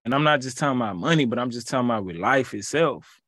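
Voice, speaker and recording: Man, 30s, preacher, fervent chanting, bright forceful voice, dry close sound. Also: mid-range voice, expressive, fast talker, no room sound. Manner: fervent, chanting call-and-response; reflective and personal, with soft laughs. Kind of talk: devotional preaching.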